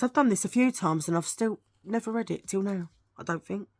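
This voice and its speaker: A woman's voice: mid-range voice, animated, a little fast, a little mellow. Rambling, chatty middle-aged woman. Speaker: beauty vlogger. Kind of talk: casual product review chat.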